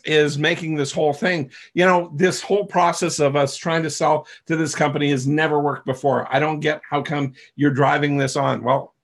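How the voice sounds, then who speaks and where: Fairly high-voiced man teaching a webinar. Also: fairly bright tone. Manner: explains patiently, checks in with listeners, many restarts. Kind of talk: live online teaching session. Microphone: video call microphone.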